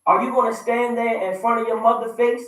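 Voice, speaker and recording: On his talk radio show, a man in his thirties makes emphatic, repetitive points about relationships and raises his voice now and then. His very high voice holds fairly even intonation, fairly quick and fairly bright. Audio comes from a distant mic in a strongly echoing room.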